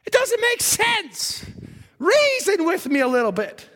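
A man's voice: very high voice, quick pace, fairly bright tone, voice pushed up. A man voicing a fretful, worried mother who pleads with her husband, heard with echoey hall reverb. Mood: pleading. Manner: pleading, anxious questioning.

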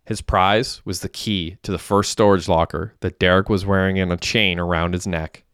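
A man reading a crime story aloud in a plain, steady way. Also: deep voice, moderate pace, smooth, no room sound, studio quality. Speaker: narrator. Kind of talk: audiobook narration.

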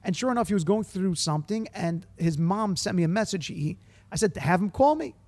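A man with a slightly high, gravelly voice talks in a relaxed, casual chat. He tells stories with lively energy and drops into quoted voices as he goes. He speaks as a teacher sharing his experiences with a co-host. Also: fairly quick. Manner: animated storytelling with acted-out quotes.

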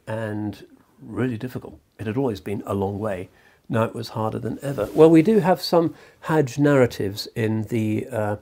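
A man giving a lecture in a measured, discursive way, often pausing with ums and restarting phrases. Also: on the low side, vocal fry, darkish tone.

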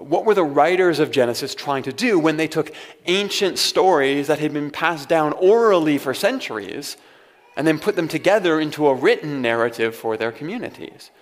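A man's voice: on the high side, lively intonation, normal speed. A man preaching a sermon as pastor, talking to his congregation in a conversational way with wry humorous asides. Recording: long hall reverb.

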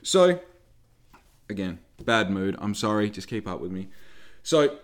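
A man's voice: on the low side, big pitch swings, a little slow. An Australian man hosts a podcast in a loose, profane rant. He fires off rhetorical questions and swears freely. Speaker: podcast host.

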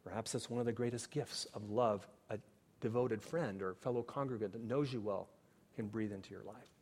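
A man's voice: lowish voice, brisk, slightly rough. Man preaching in a reverberant hall. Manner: earnest preaching, swings from hushed to emphatic. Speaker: pastor. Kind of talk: sermon.

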